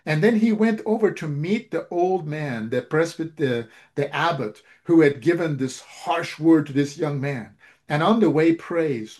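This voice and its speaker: Man preaching a storytelling sermon, higher voice. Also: unhurried, darkish tone. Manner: retells a story, acting out dialogue with restarts.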